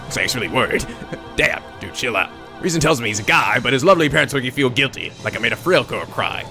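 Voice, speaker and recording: A man's voice: mid-range voice, lively intonation, fast, creaky, sharp tone, faint music behind. A man hosting a let's play, reading a visual novel aloud with playful, theatrical delivery, often giggling.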